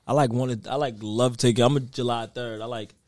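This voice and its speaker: A man's voice: mid-range voice, steady tone, brisk, darkish tone, dry recording, studio quality. A young man, a guest rapper, chatting casually on a podcast and telling his story with loose asides and frequent "you know what I mean.".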